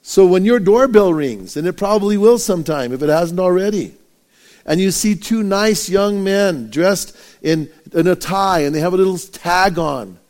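Male pastor, animated sermon delivery, slightly high voice, acts out stories. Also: moderate pace. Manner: animated preaching with rhetorical questions and acted-out anecdotes.

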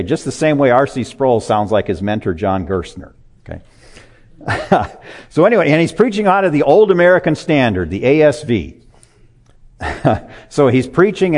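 In a church, a man with a medium-pitched voice preaches a sermon to a live congregation. He is animated and conversational, chuckling and making asides to his listeners.

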